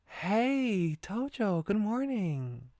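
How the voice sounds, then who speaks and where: A man voicing an upbeat teenage schoolboy friend in a bubbly, high Valley Girl voice. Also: sing-song, very slow, mellow, no room sound, studio quality, exaggerated voice. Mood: eager.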